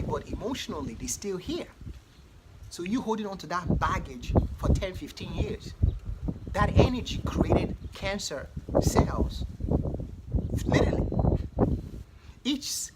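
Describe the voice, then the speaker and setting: A man giving an emphatic spiritual talk with loose, informal grammar. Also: high voice. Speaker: spiritual speaker. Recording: loud background noise.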